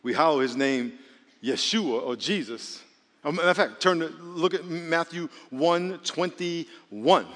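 A man's voice: on the high side, unhurried, long reverb tail. A man preaching a sermon as pastor, joking and calling out questions to the congregation. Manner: lively, joking, calls on the congregation.

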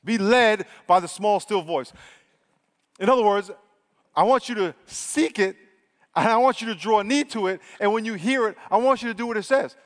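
Preacher, male, fairly high voice, energetic and swinging from loud to hushed, church hall reverb. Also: normal speed. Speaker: pastor. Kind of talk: sermon.

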